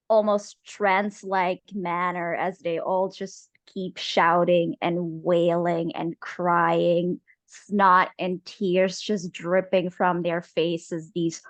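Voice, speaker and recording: A woman narrating as game master of a tabletop game. She speaks slowly and haltingly, pausing often. The sound is dry and close. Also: lowish voice, no echo. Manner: halting, many filler pauses.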